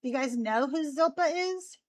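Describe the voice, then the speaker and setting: A woman's voice: high-pitched, measured pace, no room sound. A woman hosting a live call-in show, chatting casually in a rambling way with a youthful, teen-like voice. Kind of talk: casual live-stream chat.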